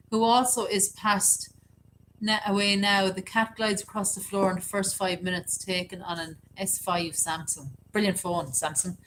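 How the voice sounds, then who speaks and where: A woman's voice: mid-range voice, a bit bright, a little hiss or hum, poor audio. Chatty woman co-hosting a live chat. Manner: chatty, reads out viewer comments. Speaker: co-host. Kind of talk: casual live-stream chat.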